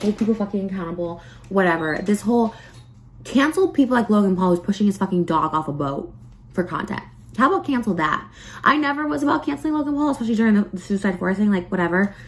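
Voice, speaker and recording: A woman's voice: mid-range voice, expressive, quick pace. Profane, heated woman ranting on a podcast. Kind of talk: emotional podcast rant.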